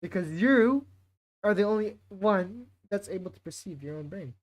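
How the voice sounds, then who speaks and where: A man casually talking on a livestream, rambling and thinking out loud with lots of fillers and restarts. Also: high voice, expressive, moderate pace. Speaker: streamer.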